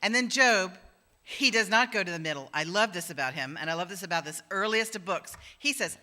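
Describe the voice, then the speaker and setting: A woman's voice: on the low side, lively intonation, quick pace, bright, forceful tone. A woman minister giving a conversational sermon in a church, acting out the voices she quotes. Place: church sanctuary.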